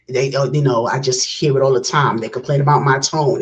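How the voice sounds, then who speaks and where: A woman's voice: very deep voice, steady tone, a little fast, poor audio. A woman hosting a reaction video, giving passionate casual commentary with many restarts. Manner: passionate, talks it through with restarts.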